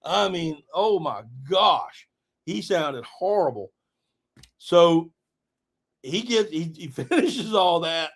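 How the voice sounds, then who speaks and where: A man's voice: fairly high pitch, expressive, slow, long pauses. A middle-aged man hosting a live stream, telling a hunting story in a rambling, laughing way with lots of fillers. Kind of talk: casual storytelling chat.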